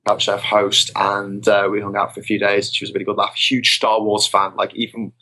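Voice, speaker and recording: A man's voice: fairly low pitch, monotone, a little fast, bright, forceful tone. A man telling rambling, self-mocking travel anecdotes as a podcast guest. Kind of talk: casual storytelling. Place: podcast recording.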